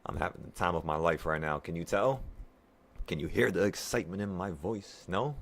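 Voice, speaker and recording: A man who is sick, excitedly and profanely talking viewers through his live trades and cursing at himself. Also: low-pitched, brisk, creaky. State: sick, voice affected by illness. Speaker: trading vlogger. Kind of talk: live trading commentary to viewers.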